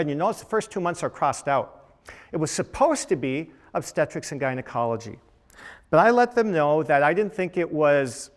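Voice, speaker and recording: A middle-aged man, a dermatologist on a panel, tells his story to students with quoted voices and rhetorical questions. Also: fairly high pitch.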